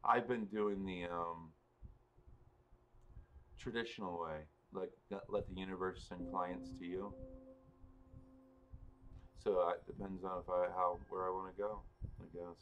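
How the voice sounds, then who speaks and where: A man with a fairly low voice talks loosely to his livestream viewers. He rambles, backtracks and restarts his sentences, chuckling now and then. A faint ambient hiss sits behind him. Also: fairly even intonation, unhurried, long pauses, a bit bright. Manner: rambling, self-correcting, chuckles often. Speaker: livestream host and spiritual reader. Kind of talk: casual livestream chat answering viewers.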